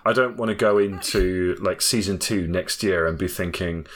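A man's voice: low-pitched, a little fast, few pauses. A man chatting casually about a video game, swearing and joking. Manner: sweary, jokey, laughs often. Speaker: gamer podcast co-host.

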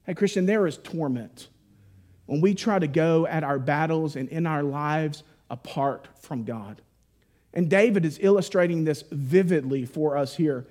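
A man's voice: on the high side, darkish tone. A man preaching a sermon as pastor, with impassioned, rising and falling delivery and direct appeals to the congregation.

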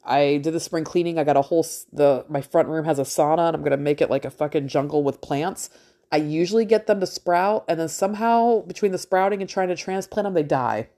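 A woman's voice: low voice, fairly quick, warm tone. A middle-aged woman ranting casually to her followers, blunt and profane, with laughing asides. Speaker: vlogger. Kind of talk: casual rant to camera.

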